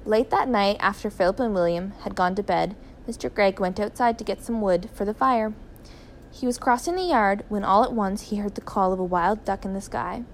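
A woman narrating a children's story in a clear, even, expressive reading voice. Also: medium pitch, moderate pace, slight background noise. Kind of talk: children's story read aloud.

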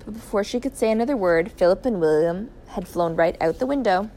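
A woman narrating a children's story in a clear, even, expressive reading voice. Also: medium pitch, a little fast, a little hiss or hum. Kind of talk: children's story read aloud.

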